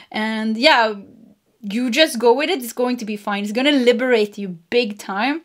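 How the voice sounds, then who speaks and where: A woman's voice: a little high, normal speed. Chatty woman giving a tarot reading. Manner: chatty, laughs often, repeats phrases. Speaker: tarot reader. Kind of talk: casual pick-a-card tarot reading.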